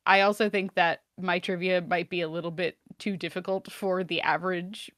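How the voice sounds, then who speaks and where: A woman's voice: lowish voice, little pitch movement, normal speed, fairly bright tone, no echo, clean studio sound. A woman hosting a trivia night on an online voice call, upbeat and playful, laughing easily and swearing for fun. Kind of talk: casual group chat on a voice call. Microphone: computer mic on an online voice call.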